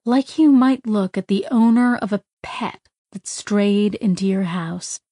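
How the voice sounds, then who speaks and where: A woman narrating a story in a measured, even way. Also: mid-range voice, no room sound, studio quality. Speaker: audiobook narrator. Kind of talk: scripted narration.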